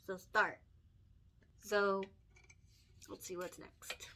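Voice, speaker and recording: A woman's voice: mid-range voice, steady tone, normal speed, bright, forceful tone. A young woman, a picture book illustrator, chatting casually and earnestly while coloring, with lots of fillers and laughs. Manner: chatty, earnest, many fillers and self-corrections; emotional and encouraging, laughs often.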